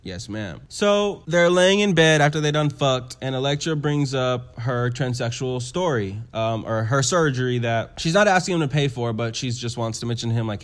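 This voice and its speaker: A man's voice: medium pitch, lively intonation, normal speed, hardly any pauses. A man casually recapping a TV episode in a sassy, chatty way, swearing freely and filling gaps with ums and asides to his viewers. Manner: chatty, sassy, profane, lots of fillers. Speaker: TV recap host.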